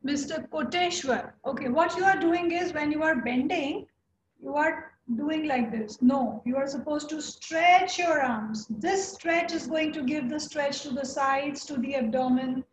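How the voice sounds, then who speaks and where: A young woman with an Indian English accent leading a chair yoga class, encouraging students by name with slow, steady cues. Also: sits high, echoey room, slight background noise. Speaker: yoga instructor.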